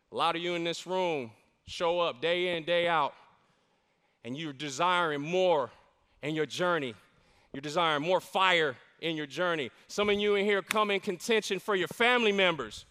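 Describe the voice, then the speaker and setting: A middle-aged male pastor preaching in a high, bright, crisply resonant voice. He delivers the sermon with emphatic fervor and calls out to the congregation. His voice rings with the long reverb of a large church hall. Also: normal speed. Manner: fervent, emphatic preaching with call-and-response.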